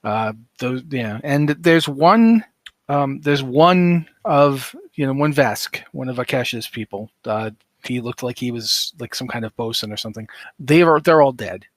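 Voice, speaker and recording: A man's voice: medium pitch, expressive, measured pace, no echo, studio quality. A man narrating as game master, describing scenes at length with many fillers and asides.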